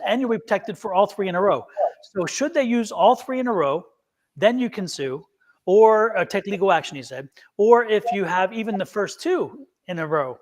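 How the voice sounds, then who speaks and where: A man who reads tarot, chatting casually on a live stream and telling a rambling story, acting out each voice in the conversation. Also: high voice. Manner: animated storyteller who acts out both sides of conversations. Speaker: tarot reader and show guest.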